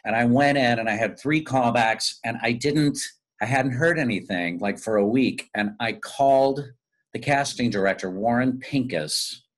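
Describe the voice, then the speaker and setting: A male actor telling lively, self-mocking stories in a casual interview. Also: medium pitch, normal speed. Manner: animated, self-mocking storyteller. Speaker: guest actor.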